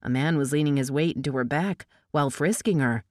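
A woman narrating an audiobook with a steady, expressive reading. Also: deep voice, a little fast, no echo, clean studio sound.

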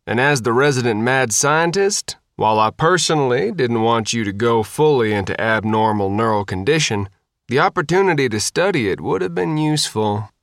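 A man's voice: medium pitch, animated, normal speed, a bit bright, no echo, studio quality. A man reading an audiobook, voicing a cheerful, eccentric doctor who calls himself a mad scientist. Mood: gleeful. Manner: gleefully detached.

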